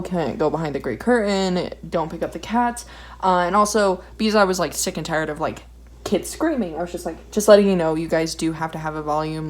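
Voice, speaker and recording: A young woman with a somewhat low-pitched voice tells a story while drawing. She rants in a casual, exasperated way and swears freely. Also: low-quality recording. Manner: ranting, profane, exasperated. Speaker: vlogger.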